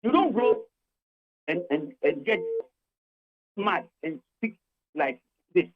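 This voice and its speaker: A man's voice: high-pitched, big pitch swings, slow pace, narrow, tinny audio. An older man with a Ghanaian accent, a labour union leader arguing emphatically on a radio talk show, repeating his points and switching between English and Twi.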